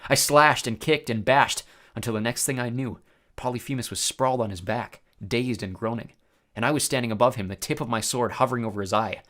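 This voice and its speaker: A man's voice: mid-range voice, a little fast, a bit bright. A man reading a story aloud, narrating expressively in the first person.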